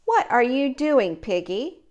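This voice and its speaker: A cautious cartoon elephant from a picture book, wondering aloud in a slow, worried way. His voice rises and falls over a wide range as he fusses, with a woman doing the voice. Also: high-pitched, sing-song, darkish tone, lo-fi sound, exaggerated voice. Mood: puzzled. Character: anxious, cautious male elephant friend.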